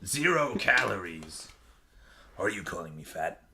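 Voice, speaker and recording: A man's voice: deep voice, very animated, unhurried, bright, forceful tone, voice pushed down, full character voice. A man playing a jovial, bloodthirsty pirate captain on a chat podcast, dropping "aye" and "yar" into casual talk. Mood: chatty. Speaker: podcast co-host.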